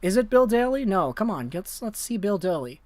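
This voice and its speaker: Woman streamer, mid pitch, reacts live and talks to her chat; excitable, jumps between mumbling and shouting disbelief; dry, close sound. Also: normal speed, no room sound. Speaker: livestream host.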